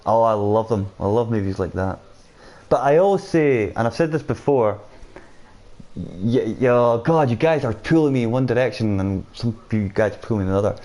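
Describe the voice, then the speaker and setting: Chatty male game streamer, mellow voice. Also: fairly low pitch, expressive, brisk. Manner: chatty, reads out viewer comments. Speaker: gaming streamer. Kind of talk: casual live-stream chat.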